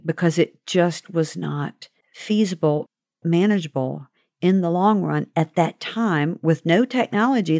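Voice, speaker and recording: A woman's voice: on the low side, darkish tone, dry recording, studio quality. Woman explaining in a teacherly way. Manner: friendly, conversational, teacherly. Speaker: author and show regular. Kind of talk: casual explainer.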